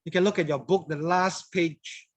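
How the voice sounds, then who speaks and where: High-voiced man teaching English grammar. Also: steady tone, moderate pace. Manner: patient, repeats phrases, mixes in Mandarin words. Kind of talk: classroom grammar lesson.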